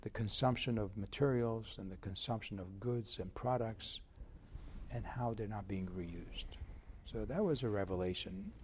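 A man's voice: on the low side, moderate pace, a little mellow, a little hiss or hum. An older man in an interview, explaining his research center in a reflective way, often restarting his sentences. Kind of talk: interview conversation.

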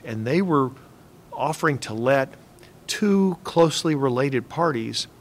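An older man with a gravelly, creaky voice recalls his working years at an easy anecdotal pace. His pitch sits in a middle range, and a faint low rumble hums under the recording. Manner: relaxed anecdotal telling with soft laughs. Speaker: interviewee, former engineer. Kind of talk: reflective storytelling interview.

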